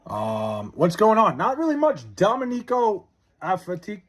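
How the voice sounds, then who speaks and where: Male streamer, husky voice, lively pitch, loose profane chat with viewers, drawls out joke names. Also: a little slow. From New York area. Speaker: livestreamer. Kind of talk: casual live stream chat, reading viewer comments. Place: his house.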